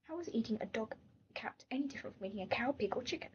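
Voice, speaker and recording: A woman hosting a gaming channel, reading comments and chatting casually in a soft voice that often falls to a whisper. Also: a little high, lively intonation, very fast, highs cut off, a little hiss or hum.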